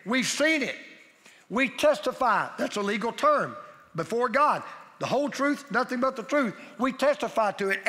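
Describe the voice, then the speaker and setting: Emphatic high-voiced preacher in a reverberant hall. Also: male voice, big pitch swings, normal speed, pauses often, sharp tone. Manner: emphatic, repetitive preaching cadence. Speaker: pastor. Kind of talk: sermon.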